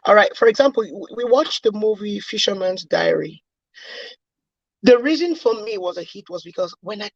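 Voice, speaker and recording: A woman with a fairly high, husky voice, co-hosting a casual talk show. She argues earnestly and presses her points with questions. The sound is dry and a bit dull. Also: no echo. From Cameroon. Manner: earnest, emphatic, building arguments with questions. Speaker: co-host. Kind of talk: casual chat.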